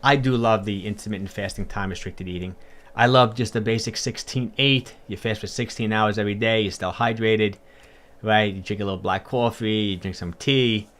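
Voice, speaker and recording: A man's voice: on the low side, steady tone, normal speed, a bit bright. A man, a fitness coach, talking casually on a livestream and answering viewer comments in a chatty, upbeat way with lots of fillers and repeats.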